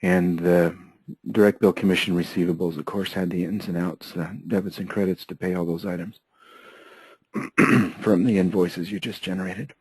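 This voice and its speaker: A hoarse man with a lowish voice guides learners through an accounting program, one methodical step at a time. He keeps clearing his throat as he goes. The sound is dry and close, with no room around it. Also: moderate pace, no room sound, low-quality recording. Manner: steady, methodical step-by-step explaining. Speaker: software trainer. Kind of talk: screen-share software tutorial.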